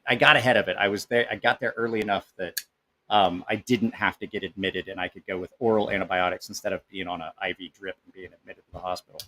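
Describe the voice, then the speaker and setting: A man's voice: on the low side, fairly bright tone. Rambling, profane man chatting live. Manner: rambling storyteller who swears freely. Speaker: knife channel host. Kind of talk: casual live-stream chat, reading comments.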